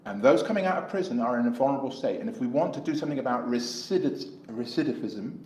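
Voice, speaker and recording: A man's voice: mid-range voice, animated, fast talker, darkish tone, slight background noise. Rambling English man, echoey street. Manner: rambling, acts out dialogue in anecdotes. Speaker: independent election candidate. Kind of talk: interview answers.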